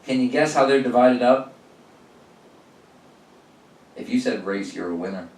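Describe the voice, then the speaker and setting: A young adult man doing profane, animated stand-up storytelling and acting out the people in his stories. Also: mid-range voice, measured pace. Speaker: stand-up comedian. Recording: roomy sound from a distance.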